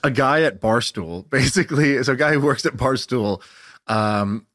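A man in his thirties co-hosting a podcast, telling stories in an animated way and acting out quotes. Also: medium pitch, normal speed. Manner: animated storyteller, laughs often, acts out quotes. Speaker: podcast co-host. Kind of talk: casual chat.

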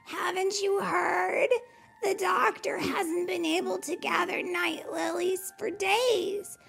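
A woman voicing a sick young mermaid with a hoarse sore throat, in a storybook reading. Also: extremely high pitch, fairly even intonation, slow, a bit bright, soft background music, voice pushed up, exaggerated voice. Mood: weak and frightened.

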